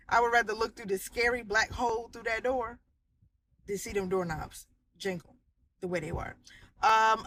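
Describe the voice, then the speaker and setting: Bright, animated woman telling a ghost story. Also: mid-range voice, slight background noise. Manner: animated, vivid retelling with voiced quotes and sound effects. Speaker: storyteller sharing a haunting testimony. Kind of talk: casual spoken storytelling. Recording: audio cutting in and out.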